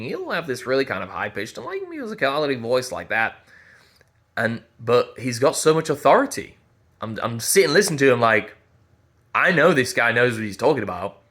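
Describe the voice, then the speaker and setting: A man's voice: medium pitch, fairly bright tone. A man, a voice teacher giving an earnest, emphatic motivational talk and repeating phrases as he thinks aloud. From Yorkshire.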